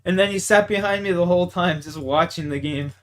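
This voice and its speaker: Profane, excitable Canadian man chatting. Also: high-pitched, fairly quick. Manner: profane, excitable storytelling with laughs. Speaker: streamer. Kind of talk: casual chat while gaming.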